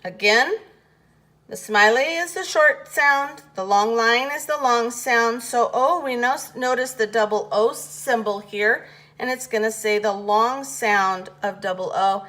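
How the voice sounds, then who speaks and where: A woman teaching letter sounds in a slow, patient phonics lesson, carefully over-enunciating each sound. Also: fairly high pitch, sharp tone.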